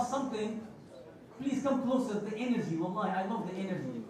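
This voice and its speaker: High-voiced preacher in an echoey hall. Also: male voice, expressive, a little fast, darkish tone, far from the mic. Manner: passionate, storytelling, mixes Arabic phrases. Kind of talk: Friday sermon. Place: large mosque prayer hall.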